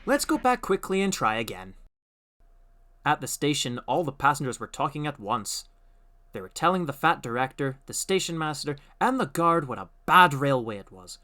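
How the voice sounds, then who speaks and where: A man narrating a storybook audiobook with expressive, animated storytelling. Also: on the high side, moderate pace.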